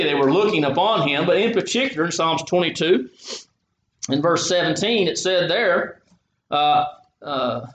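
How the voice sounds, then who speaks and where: Preacher with a high voice, echoey room. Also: male voice, a bit bright. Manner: reads scripture aloud, then explains it, with frequent restarts. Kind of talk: sermon with scripture reading. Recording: echoey, slightly dull room sound.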